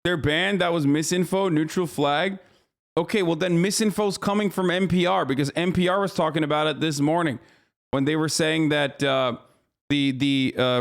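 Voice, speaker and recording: A man streaming live, giving casual, profane and incredulous commentary as host. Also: fairly high pitch.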